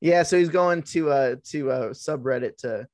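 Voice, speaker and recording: A giggly man riffing as a podcast co-host, rambling along with plenty of filler words. His voice sits a little high for a man and is recorded dry and close, with no room sound. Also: moderate pace, a little mellow, no echo. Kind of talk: casual comedic chat.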